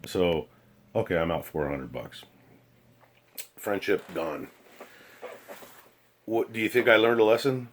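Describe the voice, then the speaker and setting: A middle-aged man with a very low voice tells his story bluntly, swearing freely. He talks to the camera in an animated vlog rant. His delivery is plain and direct. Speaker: vlogger.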